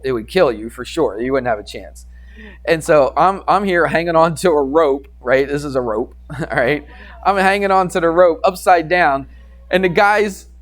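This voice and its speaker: A male math teacher telling a classroom story in a lively lecture, acting out quoted voices and sound effects for his students. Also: on the high side.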